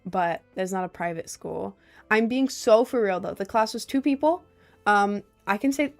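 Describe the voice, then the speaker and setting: A woman's voice: mid-range voice, vocal fry. A young woman livestreaming, chatting casually with her viewers in a rambling, self-deprecating way. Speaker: livestreamer reading chat. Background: faint Celtic music.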